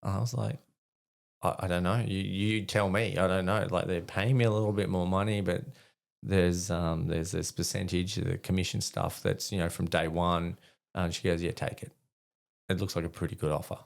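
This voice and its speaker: Deep gravelly Australian man. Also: steady tone, normal speed. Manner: rambling, many fillers and restarts, acts out dialogue. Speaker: podcast guest, army veteran. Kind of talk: casual storytelling.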